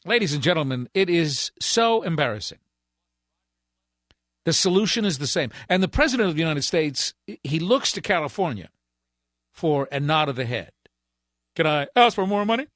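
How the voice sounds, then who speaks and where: A man's voice: fairly high pitch, very animated, moderate pace, fairly bright tone, no echo. A man hosting a political talk radio show, delivering a sarcastic, ranting monologue as a fill-in host into a studio microphone.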